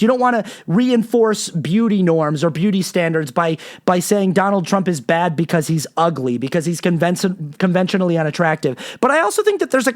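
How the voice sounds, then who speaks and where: A young man in an angry, profane political rant, saying he is worked up. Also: sits high. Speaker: political commentator. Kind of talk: ranting monologue.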